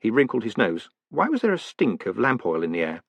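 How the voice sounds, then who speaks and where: A man reading a fantasy novel aloud as an audiobook, with expressive, wry storytelling. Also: fairly low pitch, brisk, gravelly, breathy edge, dry recording. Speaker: audiobook narrator. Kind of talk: audiobook narration.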